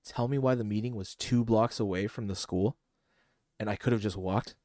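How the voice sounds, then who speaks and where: A man's voice: on the low side, moderate pace, dry recording, clean studio sound. Young man telling a rambling story. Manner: rambling, animated, acts out quotes. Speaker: podcast co-host. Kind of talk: casual storytelling among friends.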